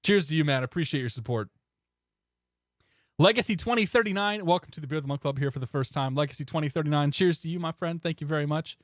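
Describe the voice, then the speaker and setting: A man streaming a flight simulator, chatting casually and in a relaxed way with viewers, often chuckling. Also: fairly high pitch, quick pace, no echo, studio quality. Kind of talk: casual live-stream chat.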